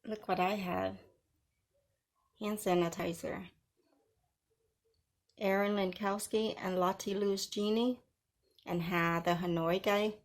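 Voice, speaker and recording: A woman's voice: medium pitch, fairly even intonation, slow, pauses often. A woman ranting in a vlog, giving mocking, bossy commands. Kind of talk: taunting vlog rant.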